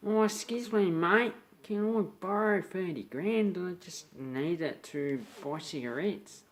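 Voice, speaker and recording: A man's voice: high-pitched, slow pace, voice pushed up. An Australian man voicing a sly friend who politely asks to borrow a large sum of money. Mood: wheedling. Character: cheeky scheming male mate after a loan.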